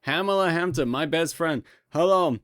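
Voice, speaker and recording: A man's voice: on the high side, moderate pace, a bit bright, dry recording, clean studio sound. A man chatting casually on a livestream, playful and rambling, joking with his chat. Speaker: streamer.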